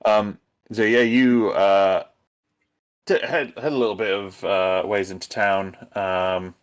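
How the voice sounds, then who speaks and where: A man running a tabletop role-playing game as game master, narrating in a halting way with frequent ums and restarts. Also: fairly low pitch, steady tone. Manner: hesitant, many ums and restarts.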